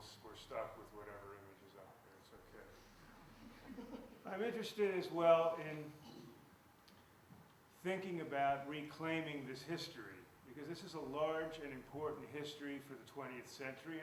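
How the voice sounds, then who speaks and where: A man's voice: medium pitch, slight background noise. A man giving a public lecture as an author, speaking earnestly and emphatically and often repeating words as he restarts his sentences. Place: lecture hall. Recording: echoey hall picked up from a distance.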